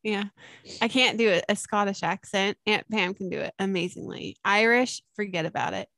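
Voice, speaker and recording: A woman's voice: medium pitch, fairly even intonation, moderate pace, pushed and bright, no room sound. Chatty young woman, dry close mic. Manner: bubbly, rambling, lots of fillers. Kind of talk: casual podcast chat.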